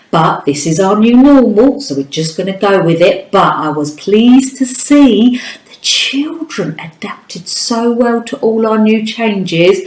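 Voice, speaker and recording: A woman's voice: medium pitch, a little mellow. A woman from the United Kingdom teaching a children's phonics lesson, encouraging and speaking straight to a young viewer. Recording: echoey room.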